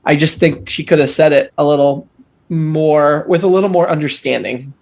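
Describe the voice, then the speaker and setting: A man's voice: on the high side, fairly even intonation, normal speed, vocal fry, darkish tone. A man co-hosting a casual podcast discussion, talking animatedly and arguing his point firmly. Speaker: podcast co-host.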